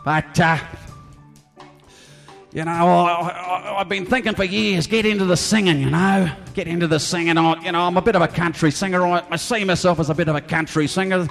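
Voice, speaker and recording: A man's voice: high-pitched, fairly even intonation, a little fast, gravelly, a bit bright. A man doing a stage impression of a crude, half-drunk middle-aged Australian bloke who brags and croons a song, with a leering, blokey manner. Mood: boastful, leering. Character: crude boozy middle-aged Aussie bloke, bragging lounge singer. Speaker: comedy impressionist. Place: live stage venue. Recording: echoey hall with band music.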